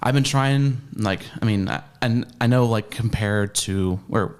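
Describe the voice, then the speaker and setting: A man's voice: on the low side, a little slow. A man appearing as a guest, explaining his spending in a hesitant, rambling way. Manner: rambling, hesitant, many fillers and restarts. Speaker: guest with debts.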